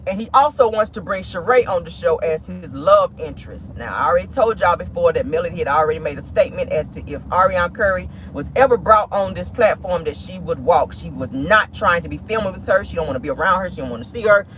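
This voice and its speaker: Sassy, animated woman gossiping from a car. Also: fairly low pitch, fast talker, few pauses, slight background noise. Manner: sassy, animated, slangy, laughing asides. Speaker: host. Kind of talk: casual celebrity gossip commentary. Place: in a vehicle.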